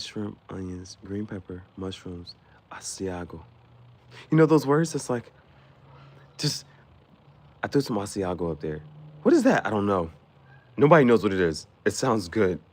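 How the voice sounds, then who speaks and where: A man's voice: fairly low pitch, animated, a little slow, pauses often. Laughing, playful male streamer. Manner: playful, laughs often, riffs on the spot. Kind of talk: casual live-stream chat with viewers.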